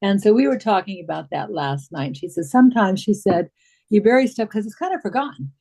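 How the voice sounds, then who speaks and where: A middle-aged woman with a husky, mellow voice, chatting in a book group. She talks quickly and retells family conversations. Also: mid-range voice, expressive. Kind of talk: casual group discussion.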